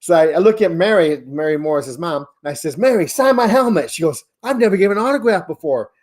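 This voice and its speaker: A man's voice: a little high, lively intonation, fast talker, darkish tone. A man co-hosting a podcast, chatting casually over a video call, telling rambling stories and swearing freely. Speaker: podcast co-host. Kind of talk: casual chat.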